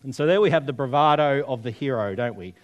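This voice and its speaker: A man's voice: mid-range voice, lively intonation, fast talker, muffled recording. A man preaching a sermon, telling stories and asking the congregation questions. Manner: storytelling, conversational, asks the audience questions.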